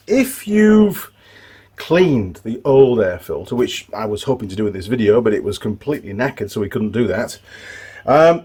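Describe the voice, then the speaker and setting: A man's voice: mid-range voice, darkish tone, husky. A middle-aged man hosting a motorbike repair tutorial, chatting in a loose, rambling way with restarts and asides. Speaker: motorbike mechanic and channel host. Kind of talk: casual workshop tutorial.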